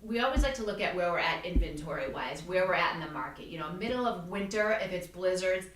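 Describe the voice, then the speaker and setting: A woman hosting a casual podcast, chatting like a seasoned real estate agent who tells lively stories. Her voice sits a little back from the mic. The room around her rings noticeably. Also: fairly low pitch, fast, slight background noise. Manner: chatty storyteller, acts out quotes. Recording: echoey room, mic at a distance.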